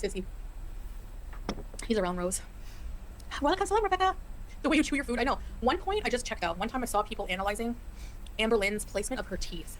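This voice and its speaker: A woman in her forties chats quickly on a livestream, running through viewer comments and venting about her critics. She talks fast with a chatty, exasperated edge. Faint noise sits behind her voice. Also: mid-range voice. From Canada. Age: 40s. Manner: rapid, chatty, laughing, exasperated rants. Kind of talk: casual livestream chat reading comments.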